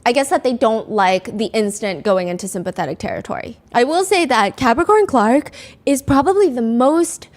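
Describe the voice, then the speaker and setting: Chatty woman podcast host, slightly high voice. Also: moderate pace. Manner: chatty, conversational, reads out quotes in an animated way. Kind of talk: casual true-crime storytelling.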